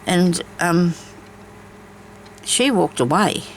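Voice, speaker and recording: A woman's voice: lowish voice, expressive, drawn-out words, a little hiss or hum, rough recording. A woman chats casually while she embroiders, rambling from story to story with many asides. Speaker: craft vlogger.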